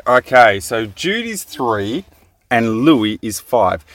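A woman's voice: extremely low pitch, big pitch swings, takes it slowly, no room sound. A woman hosting a radio-style show, coaxing young children through a playful interview in an upbeat, laughing manner.

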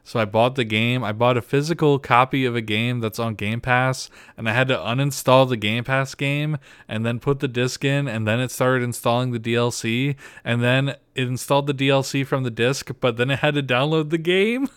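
A man's voice: medium pitch, moderate pace, a bit bright, smooth, no echo, studio quality. A man co-hosting a podcast in casual chat, rambling and teasing his co-host.

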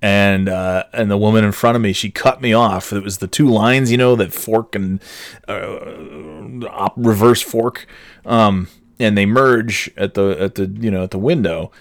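A man's voice: fairly low pitch, steady tone, a little slow, no echo. A man hosting his podcast alone, rambling in a casual, profane, sardonic way with plenty of fillers. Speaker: podcast host. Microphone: headphones on, podcast microphone.

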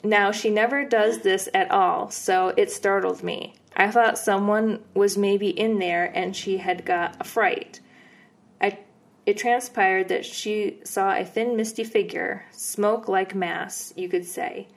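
A woman's voice: medium pitch, slow, vocal fry. A woman co-hosting a podcast, casually recounting ghost stories with fillers and easy laughs. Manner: relaxed, rambling with fillers and laughs. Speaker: podcast co-host. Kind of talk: casual storytelling chat.

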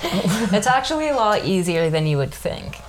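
A young woman co-hosting a casual podcast, relaxed, laughing often and swearing casually. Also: mid-range voice, a little hiss or hum. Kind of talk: casual chat.

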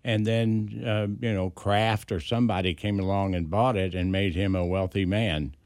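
A man's voice: low-pitched, steady tone, moderate pace, darkish tone, clear, resonant tone, no echo. An older man sitting in as a guest on a radio show, chatting in a laid-back way with short, agreeable replies. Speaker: studio guest. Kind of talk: casual radio chat. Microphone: studio mic.

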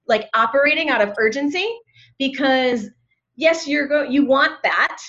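High-voiced woman giving relationship advice over a muffled line. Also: a bit bright. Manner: brisk, advising, acts out example dialogue. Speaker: guest, relationship advisor. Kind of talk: advice in casual chat.

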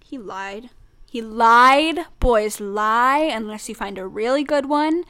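Unhurried and slightly high, a young woman's voice comes through with no echo as she co-hosts a casual podcast chat. She brings her anecdote to life by acting out each quoted person.

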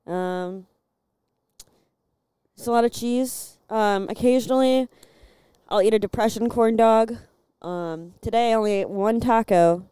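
A young woman from Illinois with a Midwestern accent, rambling through stories on a podcast. Her voice is mellow, smooth and very clear, recorded close and dry. She peppers every phrase with "like" and casual curses. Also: fairly high pitch, measured pace, long pauses, no room sound. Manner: chatty storyteller, fills talk with "like", swears freely. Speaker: podcast guest, bar door worker. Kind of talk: casual chat.

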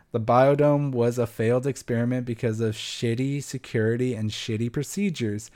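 A man's voice: medium pitch, darkish tone. A young man hosting a podcast, giving a blunt, sarcastic film review and swearing freely. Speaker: podcast host. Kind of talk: casual film review monologue.

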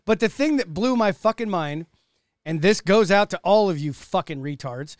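High-voiced man, loud profane outbursts. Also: expressive, normal speed, no room sound, studio quality. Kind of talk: casual chat.

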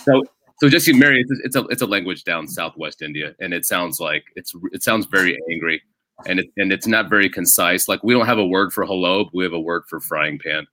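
A man's voice: low voice, brisk, sharp tone, no echo. A man raised in the United States, a comedian, telling rambling stories in a casual podcast chat, often stopping and restarting. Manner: rambling, self-interrupting storyteller. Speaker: stand-up comedian guest.

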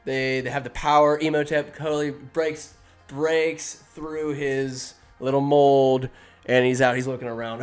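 A man casually recapping a movie scene by scene, talking fast and animated, with quick impressions of the characters. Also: mid-range voice, clear, resonant tone, soft background music.

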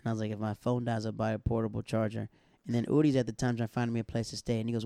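A man's voice: lowish voice, level tone, very fast, vocal fry, warm tone, dry recording, clean studio sound. A man chatting casually as a podcast co-host, telling a story animatedly, acting out other people's lines and laughing often. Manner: laughs often while talking. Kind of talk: casual chat.

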